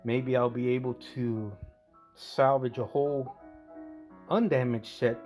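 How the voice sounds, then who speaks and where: Man, casual workshop narration, rambling, self-correcting, mid pitch, faint guitar music behind. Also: fairly even intonation, a little slow, a little mellow. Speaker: scale model restorer.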